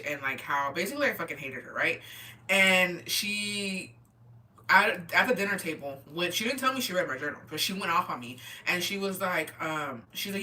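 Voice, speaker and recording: Profane bright-voiced woman telling stories. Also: on the low side, recorded from a distance. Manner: profane, animated, reacting to chat. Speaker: streamer reading chat. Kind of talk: casual storytelling chat.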